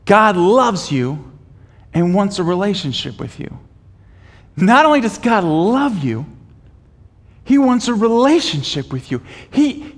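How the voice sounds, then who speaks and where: A man preaching a sermon as pastor, swinging between quiet, measured passages and loud, rising emphasis, calling the congregation to repeat lines after him. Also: high voice. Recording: long reverb of a large hall.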